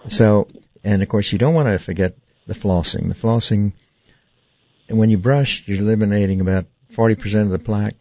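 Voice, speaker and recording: A dentist hosts a call-in radio program, explaining patiently with plenty of fillers and restarts. His voice sits low and gravelly. The studio sound is dry and a little muffled. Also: fairly even intonation, a little fast, dark tone, no echo. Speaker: radio talk show host, dentist.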